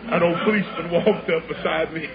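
A man's voice: on the high side, steady tone, fairly quick, crowd noise. An older man preaching a sermon, telling a story in a folksy, dramatic way and acting out the voices of the people in it. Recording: muffled old sermon recording with hiss.

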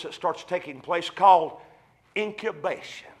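A man with a Southern US accent preaching a fervent sermon, mixing folksy stories with shouted exclamations. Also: high-pitched, animated, a little fast. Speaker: pastor.

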